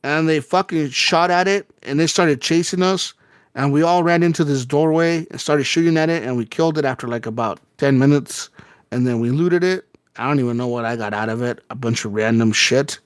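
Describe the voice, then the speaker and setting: A man co-hosting a gaming podcast, telling a rambling, profane story in casual chat and acting out quotes with sudden jumps in pitch. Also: fairly quick, clear, resonant tone, no echo, studio quality. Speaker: podcast co-host.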